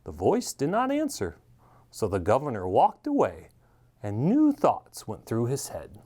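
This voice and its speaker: A man reading a children's story aloud, animated and expressive. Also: mid-range voice, unhurried.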